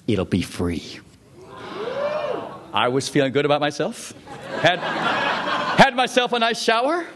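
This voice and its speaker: A middle-aged male preacher telling a story in a sermon, animated and full of acted-out quotes. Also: high voice, moderate pace, background noise.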